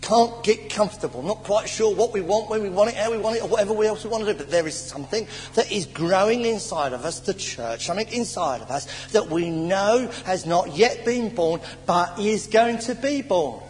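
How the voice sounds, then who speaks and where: An English man preaching a sermon in a church, telling stories with animated stammers and sighs. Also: high-pitched, a little fast, few pauses. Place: church hall. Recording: old church sermon tape in a reverberant hall with faint hiss.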